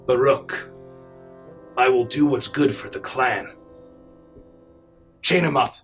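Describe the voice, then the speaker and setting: A man voicing a stern, calm female orc leader who speaks low, measured and firm in a tabletop game. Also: soft background music, lightly acted. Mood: commanding.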